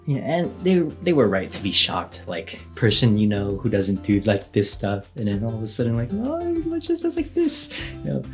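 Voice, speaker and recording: A young man telling a casual story as a vlogger, chatty, with lots of fillers and light laughs. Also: on the low side.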